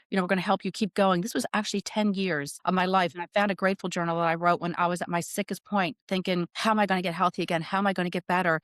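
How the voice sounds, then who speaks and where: A woman's voice: fairly low pitch, no room sound, clean studio sound. A woman co-hosting a spiritual podcast, telling a personal story in earnest, casual chat and often checking in with "right?". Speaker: podcast co-host and spiritual medium.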